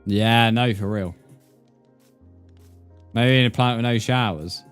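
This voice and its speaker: A young Englishman streams a game and chats casually with his viewers in a smooth, mid-range voice at an unhurried pace. He's talkative and jokey, swears freely and reads the chat aloud, with faint music playing behind him.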